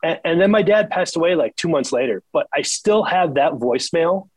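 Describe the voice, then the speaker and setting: A man's voice: fairly high pitch, lively intonation, normal speed, no echo, rough recording. Earnest man with a dry close sound. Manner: earnest, heartfelt, repeats words when moved. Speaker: shoe salesperson. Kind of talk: emotional conversational interview.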